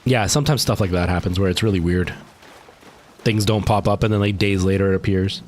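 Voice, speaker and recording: A man's voice: deep voice, steady tone, fairly quick, darkish tone, slight background noise. A man, streaming a game live, chatting casually and rambling to his viewers, sounding tired. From Canada. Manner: rambling, chatty, talking to chat while playing. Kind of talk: casual gaming stream chat.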